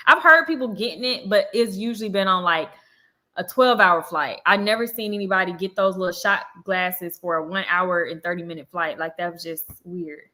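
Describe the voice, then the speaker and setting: Animated young woman telling a story, bright voice. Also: medium pitch, moderate pace. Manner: animated storytelling, acting out quotes, frequent fillers. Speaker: vlogger on a live chat. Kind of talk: casual storytime chat.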